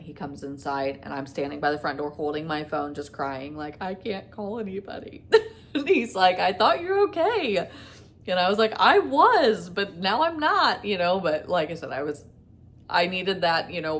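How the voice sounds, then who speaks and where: Woman vlogger, low gravelly voice, chatty storytime, faint hiss behind. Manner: rambling, retelling dialogue with many fillers. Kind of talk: casual storytime.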